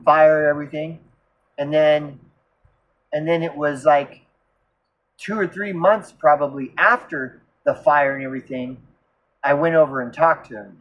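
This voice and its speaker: Husky, swearing man rambling through a story. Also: on the high side. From Oklahoma. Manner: rambling, profane, repeats himself. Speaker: vlogger. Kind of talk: casual storytelling monologue. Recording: slightly dull lo-fi recording.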